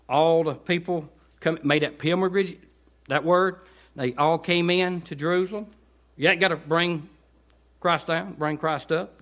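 A man with a Southern accent preaching a guest sermon in a church, dropping to quiet asides and then rising into loud, pleading exhortation. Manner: swings from low conversational asides to high shouted pleading. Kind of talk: Baptist sermon. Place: church sanctuary.

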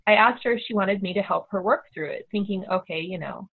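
A middle-aged homeschooling mother telling a story in a casual, animated way, acting out the voices of the people she quotes. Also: mid-range voice, fast, husky. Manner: animated, acts out quoted dialogue. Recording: tinny phone-like audio.

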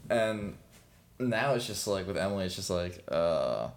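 Young guy, deep voice, rambly laid-back podcast chat, tons of "like"s. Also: lively intonation, unhurried. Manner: rambling, laughs often, lots of fillers. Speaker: podcast co-host. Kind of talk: casual chat.

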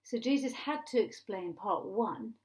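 A woman pastor preaching a sermon in a conversational, animated way, retelling scripture like a story. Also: mid-range voice, measured pace.

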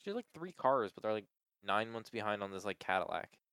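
Casual co-host, male, low and resonant, chatty storyteller, dry close sound. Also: a little fast, clean tone, dry recording. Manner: animated storyteller, acts out quoted people in high voices, heavy use of "like". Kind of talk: casual chat.

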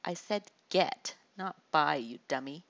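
A woman voicing a cocky teenage boy bully who taunts slowly and mockingly. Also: on the low side, creaky, a bit bright, muffled recording. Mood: sneering. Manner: mocking, slow deliberate taunting.

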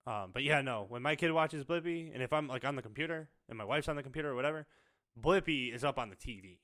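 A young man in casual podcast chat, telling lively stories with plenty of swearing. His voice sits at an ordinary middle pitch. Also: quick pace. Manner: animated storytelling, swears freely.

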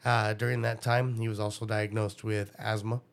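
Casting: young father, low gravelly voice, swears freely and tells it loose and animated. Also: normal speed. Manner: profane, animated, acts out his own past dialogue. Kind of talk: casual storytelling interview.

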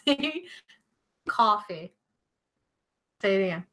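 A woman's voice: mid-range voice, very animated, slow, fairly bright tone, low-quality recording. A woman from Maine co-hosting a casual live-stream chat, giggly and teasing as she reads viewer comments aloud. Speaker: co-host reading chat.

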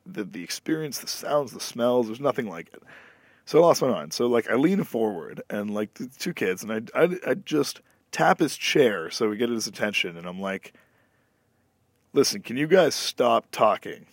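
A man's voice: mid-range voice, normal speed, no echo. A man in casual podcast chat, ranting through a story with plenty of swearing and rising heat. His voice sits mid-range, recorded close and dry with no room sound. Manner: profane, animated storytelling rant. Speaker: podcast host.

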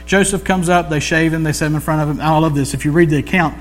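A man's voice: a little high, steady tone, fast talker, soft background music. A man preaching a sermon in a loose, conversational storytelling way, with jokey asides and slang.

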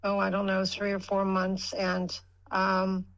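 An older woman speaking as a guest on a radio show, with a mid-pitched voice. She rambles through her story casually. She acts out the lines people said along the way. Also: completely flat delivery, unhurried, a bit bright, dull audio.

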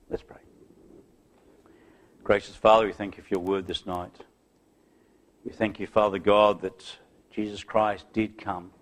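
With a voice on the low side, a man preaches at an evening service using archaic, biblical phrasing. His delivery swells into loud, forceful high points and then fades to a quiet, gentle ending.

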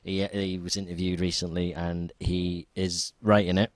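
A man with a very low voice co-hosts a casual podcast, moving the chat along between topics. He hesitates often and fills gaps with ums. His voice sounds close and dry, with no room around it. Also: flat delivery, moderate pace, no echo. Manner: hesitant, many ums while running the topics. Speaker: podcast co-host.

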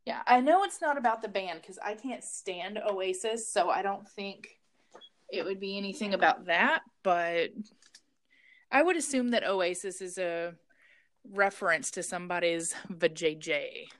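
A woman co-host in easygoing podcast banter, blunt and quick to joke, with offhand swearing. Her voice sits at a plain middle pitch for a woman. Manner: blunt, joking, swears casually. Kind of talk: casual chat.

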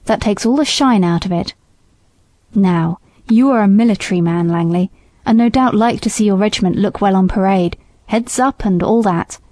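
A woman voicing a stern, principled gentleman who owns horses, speaking gravely and reprovingly. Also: medium pitch, moderate pace, dry recording, close to an everyday voice. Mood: frank.

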